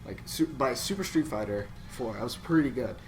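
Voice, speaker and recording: A man's voice: mid-range voice, lively intonation, fairly quick. A man co-hosting a podcast, telling a gaming story in casual chat, swearing and laughing as he goes. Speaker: podcast co-host.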